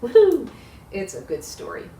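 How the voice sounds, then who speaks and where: A woman leading children's worship, telling a Bible story with big expressive swings, recorded in a roomy space from a distance. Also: on the low side, measured pace. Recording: echoey room, distant mic, faint hiss.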